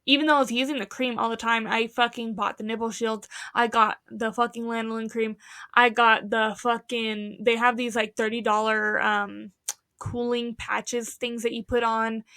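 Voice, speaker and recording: Young woman, podcast co-host, high voice, dry close sound, dramatic storyteller, lots of swearing. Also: little pitch movement, normal speed, sharp tone, dry recording. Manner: dramatic, swears freely, acts out quotes. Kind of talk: casual chat.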